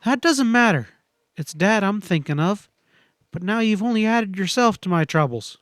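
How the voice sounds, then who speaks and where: A man's voice: sits high, expressive, moderate pace, fairly bright tone, dry recording, clean studio sound, pitched above the performer's own voice. A man reading a western audiobook, voicing an earnest, desperate young frontier woman in a pleading, breathless way. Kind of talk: audiobook character voice.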